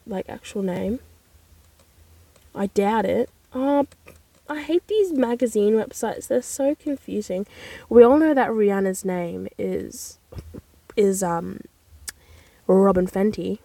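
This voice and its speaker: A young woman, hosting a casual solo podcast from inside a parked car, rambling and chatty with animated exclamations. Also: mid-range voice, creaky, dry recording. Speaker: podcast host.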